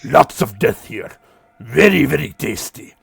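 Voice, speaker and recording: A man voicing a small, spiky, muscular male creature messenger who speaks slow, broken English. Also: mid-range voice, animated, gravelly, slightly rough, no room sound, exaggerated voice. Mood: deliberate.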